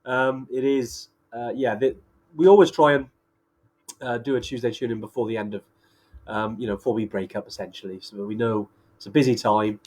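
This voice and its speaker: Husky-voiced Welsh man co-hosting. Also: medium pitch, fairly even intonation, normal speed, a little mellow. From Wales. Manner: chatty, laughs often, many fillers. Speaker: co-host. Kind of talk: casual live-stream chat.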